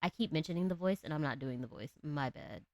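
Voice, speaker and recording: A woman's voice: animated, fast, creaky, no echo. Brief: female streamer, alto, bouncy melodic delivery, dry close sound, chatty and giggly. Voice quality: low alto voice. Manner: chatty, giggly, talks to chat and her cat. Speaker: live streamer. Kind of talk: casual live-stream chat.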